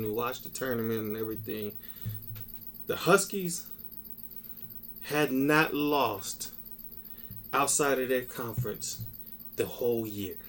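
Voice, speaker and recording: A man co-hosting a casual wrestling podcast, ranting in an animated, profane and excitable way. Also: medium pitch. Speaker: podcast co-host.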